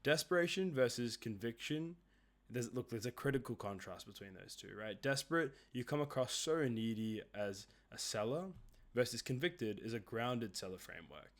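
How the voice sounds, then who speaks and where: A man's voice: medium pitch, animated, moderate pace. A man, giving a conversational coaching lesson on sales calls and often checking in with "right?" and "okay?". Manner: explains casually, often tags "right?" and "okay?".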